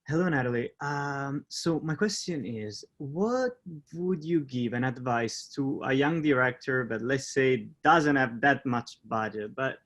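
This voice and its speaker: A man student asking a careful, slow question over a video call. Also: medium pitch, fairly bright tone.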